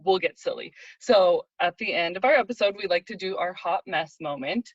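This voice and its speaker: A woman hosting a podcast, gushing and quick to laugh as she steers the casual interview. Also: on the low side, expressive, breathy edge, no room sound. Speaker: podcast host. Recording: dull, dry lo-fi audio.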